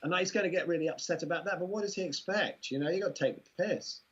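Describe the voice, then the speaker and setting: Husky-voiced rambling Englishman. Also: a little high, fast talker, a bit bright. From England. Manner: rambling, amused, full of "you know" asides. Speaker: guest. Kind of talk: casual conversational interview. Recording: muffled lo-fi recording.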